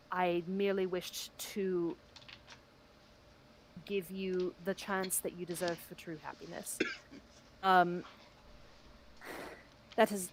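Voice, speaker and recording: A woman voicing a young genteel regency lady who reads a formal, halting letter with small hesitations. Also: mid-range voice, a little hiss or hum, natural voice, rough recording.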